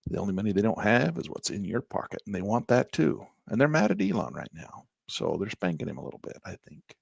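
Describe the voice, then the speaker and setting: A man teaching trading as he walks through a chart, in a folksy, animated way with slangy asides. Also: on the low side, fairly quick, creaky, breathy edge, no echo, studio quality. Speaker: trading instructor. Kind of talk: chart-walkthrough lesson.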